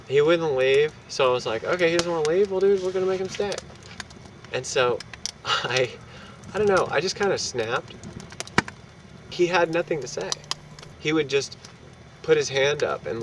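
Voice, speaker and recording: A man telling a casual anecdote in an animated, profane way, acting out what people said. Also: medium pitch, unhurried, long pauses. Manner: animated, profane, acts out quotes. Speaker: storyteller. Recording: distant mic, loud street and traffic noise.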